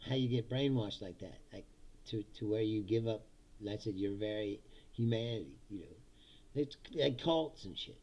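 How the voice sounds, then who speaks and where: A man's voice: lowish voice, normal speed, a little mellow, lo-fi sound. A man hosting a comedic political talk show, ranting casually, swearing and laughing often between lines. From United States. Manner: laughs often, swears, acts out voices of others. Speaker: host.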